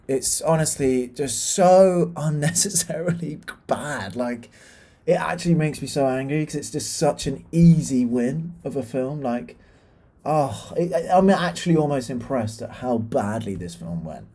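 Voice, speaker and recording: A man's voice: medium pitch, dark tone. Ranting British man reviewing films. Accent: British English. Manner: exasperated, ranting, frequent fillers and restarts. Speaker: film reviewer. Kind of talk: casual opinionated film review.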